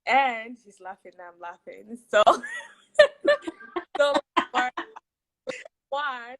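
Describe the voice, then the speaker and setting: A woman chatting as a guest on a video call, animated and emphatic, often repeating herself for effect. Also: a little high, slow, poor audio. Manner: animated, laughing, emphatic repetition. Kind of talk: casual chat on a video call.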